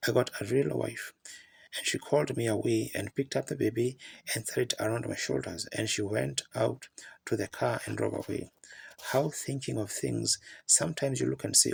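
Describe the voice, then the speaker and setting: A man preaching a sermon, telling folksy stories in plain rural grammar with a gravelly, raspy voice. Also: mid-range voice, normal speed, no room sound.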